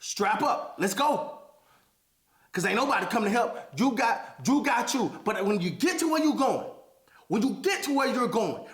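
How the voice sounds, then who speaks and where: A man's voice: high-pitched, sing-song, moderate pace, a bit bright. A man hosting a podcast, giving an emphatic motivational monologue and repeating phrases for emphasis. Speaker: podcast host. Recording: echoey room.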